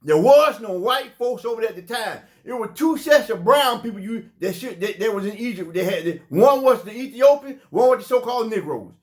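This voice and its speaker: A man with a Southern US accent preaching an impassioned sermon, emphatic and repetitive, sometimes breaking into shouts. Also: high-pitched, lively intonation, brisk, few pauses. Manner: fiery, emphatic, repeats phrases, bursts into shouts.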